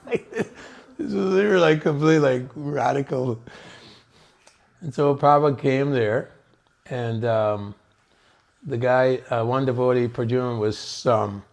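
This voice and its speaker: Older male storyteller, gravelly tone, mid pitch, rambling casual delivery with frequent laughs. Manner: rambling, laughing often, acting out quotes. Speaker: devotional speaker recounting memories.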